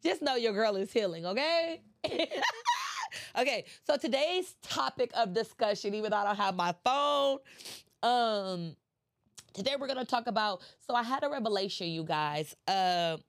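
On the high side and animated, her voice moves at normal speed through a casual motivational podcast talk. She's a chatty host, nasal and congested with allergies, who works herself up into impassioned preaching.

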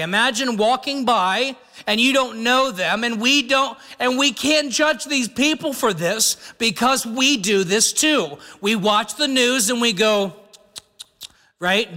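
A man's voice: sits high, bright, forceful tone, big-room sound. A pastor preaching a sermon in an earnest, conversational way, asking his listeners rhetorical questions.

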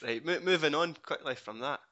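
Scottish guy hosting a chat, teasing, really bright voice, kinda dull recording. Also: a little high, brisk. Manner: teasing, runs the segment. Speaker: host. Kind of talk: casual podcast chat.

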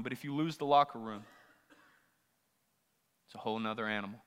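A man preaching a sermon as pastor, swinging between loud rising questions and hushed asides. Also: mid-range voice, a little fast, long pauses, clear, resonant tone, in a large hall. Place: church sanctuary.

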